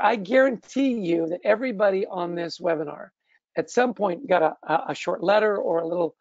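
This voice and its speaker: Man, husky and gravelly, dry close sound, dull lo-fi webinar audio, motivational talk. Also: high-pitched, no echo. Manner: lively storytelling, often asks "right?". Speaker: speaker on leadership.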